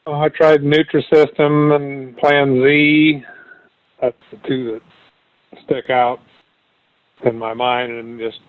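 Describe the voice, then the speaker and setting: A man's voice: medium pitch, flat delivery, slow pace, pauses often. A man talking casually as an interview guest, rambling with many restarts and fillers. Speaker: guest sharing his weight loss story. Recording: tinny phone-like line.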